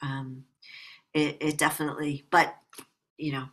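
A woman's voice: deep voice, little pitch movement, unhurried, fairly bright tone. A woman in her sixties, a musician guest in an interview, telling a long story in a rambling, anecdotal way full of restarts.

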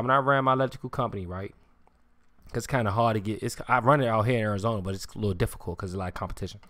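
A livestreamer with a medium-pitched, slightly bright voice vents in a heated, confrontational, expletive-filled way. He repeats himself and keeps pushing his audience with "you hear me."

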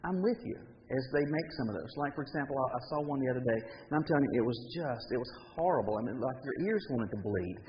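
A man's voice: medium pitch, lively intonation, fast, few pauses, a little hiss or hum. Man, pastor, folksy humorous sermon, long church reverb, slightly muffled sound. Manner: folksy, humorous storytelling with frequent fillers and repetition. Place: church sanctuary.

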